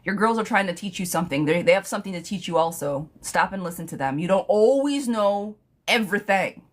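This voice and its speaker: A woman's voice: fairly low pitch, quick pace. Laughing, foul-mouthed tarot reader woman. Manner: laughs often, swears freely, sassy. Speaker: tarot reader on a live stream. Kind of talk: casual live tarot reading.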